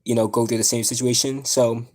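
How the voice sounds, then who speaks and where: A man's voice: medium pitch, little pitch movement, a little fast, darkish tone. A young man on a live stream telling a personal story, upset and close to tears, rambling with many fillers and restarts. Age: young adult. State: near tears.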